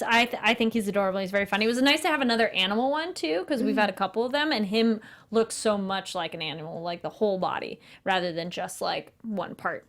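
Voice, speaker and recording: A woman hosting a casual anime review chat, talking fast and acting out lines from the show. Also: fairly high pitch. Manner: chatty, animated, acts out quotes. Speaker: host.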